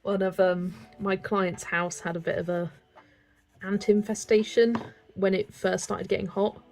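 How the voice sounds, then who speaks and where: A young woman, chatting casually and excitably while colouring and answering comments, with music playing softly behind her. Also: medium pitch, measured pace, poor audio. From England. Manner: chatty, excitable, laughs often. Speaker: colouring livestreamer.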